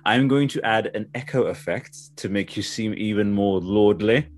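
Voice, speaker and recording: A man's voice: fairly low pitch, moderate pace. A man hosting a podcast, chatting casually with lots of enthusiasm and casual swearing. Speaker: podcast host.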